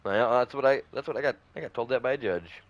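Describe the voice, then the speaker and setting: This gaming streamer talks casually over a farming game, rambling through a long story full of fillers and restarts. His voice is mid-range and fast, and the recording sounds muffled.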